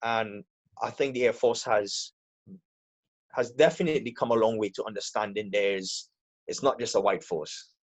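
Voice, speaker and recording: A man's voice: on the low side, moderate pace. A man speaking as an interview guest in a casual, hesitant way, often repeating words as he gathers his thoughts. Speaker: guest, air force electrical technician.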